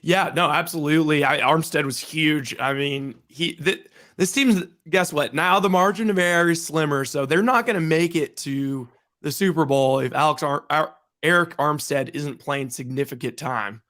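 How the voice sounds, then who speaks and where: A man co-hosting a casual sports talk show, talking in an animated, rambling way with a slightly scratchy voice from the sniffles. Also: fairly high pitch, normal speed. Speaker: co-host.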